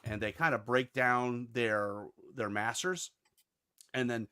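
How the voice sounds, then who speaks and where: A man's voice: medium pitch, slow, sharp tone, clean tone. An American man hosting a podcast in casual chat, upbeat and rambling with many restarts. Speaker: podcast host.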